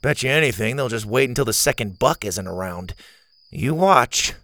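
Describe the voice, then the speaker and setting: A man voicing a kind, gentle boy at camp who speaks in a friendly, earnest way. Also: medium pitch, expressive, normal speed, no room sound, studio quality.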